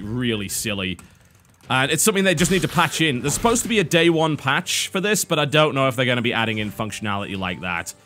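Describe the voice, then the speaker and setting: A man's voice: medium pitch, pushed and bright. A British man giving a game review commentary over gameplay, dry and sardonic with self-mocking asides.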